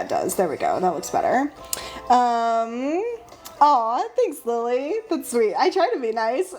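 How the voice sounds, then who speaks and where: A young woman hosting a casual live stream, chatting with viewers while she draws, bubbly and easily excited. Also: on the high side. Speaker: live-stream host and sticker artist.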